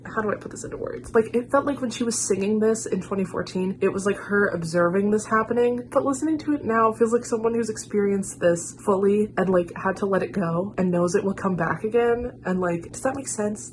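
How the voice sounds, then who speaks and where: A woman's voice: medium pitch, background noise. A young woman chatting casually as she reacts to an album, gushing and filling her talk with "like". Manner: gushing, chatty, many "like" fillers. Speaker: music reaction vlogger.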